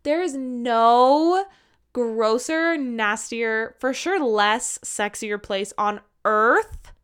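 A woman podcast host who reads listener stories aloud and reacts in animated casual chat, laughing often. She once worked in a hospital. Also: on the high side, drawn-out words, clear, resonant tone.

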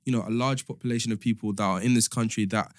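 A man's voice: lowish voice, steady tone, fast, no room sound, studio quality. A young man in a casual discussion, explaining his points step by step with lots of filler words.

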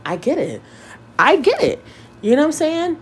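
A woman's voice: high voice, huge pitch swings, moderate pace, slight background noise. A young woman hosting a podcast, talking candidly and emotionally, swearing often and repeating herself as she vents. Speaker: podcast host. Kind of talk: candid personal podcast monologue.

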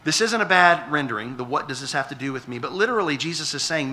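A man's voice: a little high, expressive, quick pace, sharp tone. A middle-aged man preaching a sermon in a conversational way, often restarting words and asking the congregation questions. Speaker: pastor.

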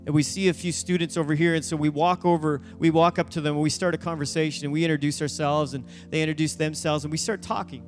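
A high-pitched man, a youth pastor, tells a story from the pulpit at a quick pace with few pauses, animatedly acting out the voices of each person in quotes. His sermon storytelling carries a long reverb from a large church hall, over soft instrumental music.

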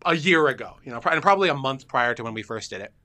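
A man co-hosting a podcast, telling a story in casual chat, acting out quotes loudly and swearing freely. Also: mid-range voice, animated, very fast, no echo. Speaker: podcast co-host and editor. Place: small studio.

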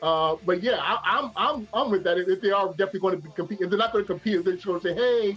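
A man with a high voice joins remotely, talking in a hesitant, stumbling way. His audio is dull and lo-fi, cutting in and out, with faint music behind. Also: very fast, a bit bright, breathy edge. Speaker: returning contestant. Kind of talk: casual chat on a call.

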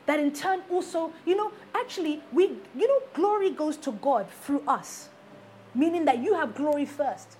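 A woman preacher with a high, bright voice gives an emphatic sermon, driving her points home with repeated rhetorical questions to the congregation. A little hiss or hum can be heard.

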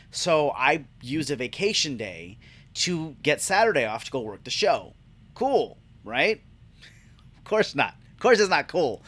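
A man's voice: on the high side, pushed and bright. A man hosting a podcast, telling a long profane story with exasperation. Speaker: podcast host. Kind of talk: ranting solo monologue.

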